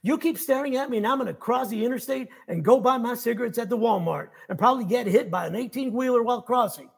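A man voicing a gruff, defiant bald woman in her sixties who scolds sharply. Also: very high voice, fast talker, full character voice. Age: 60s.

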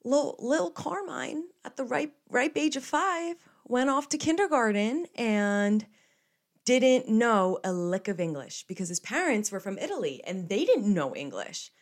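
A young woman from the United States hosting a podcast alone, telling stories in a chatty, animated way with playful asides. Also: a little high, a little slow. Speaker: podcast host. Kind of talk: casual solo podcast chat.

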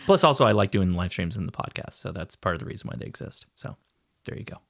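A man's voice: low-pitched, expressive, quick pace, gravelly, fairly bright tone. A man co-hosting a podcast, chatting casually in a rambling, joking, self-deprecating way. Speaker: podcast co-host. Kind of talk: casual chat.

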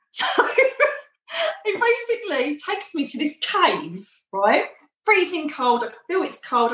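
A woman's voice: fairly high pitch, a bit bright. Chatty woman telling a story, roomy sound. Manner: chatty, acts out quoted dialogue. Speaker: interview guest. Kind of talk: personal storytelling in conversation.

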